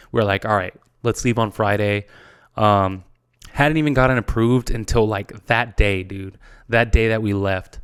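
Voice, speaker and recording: Lockerer junger Mann, tiefe, glatte Stimme. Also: male voice, lowish voice, smooth, no room sound, clean studio sound. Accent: American. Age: 20s. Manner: casual, swears a lot, says "dude" often; gets tearful and emotional. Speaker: podcast host. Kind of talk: casual solo podcast talk.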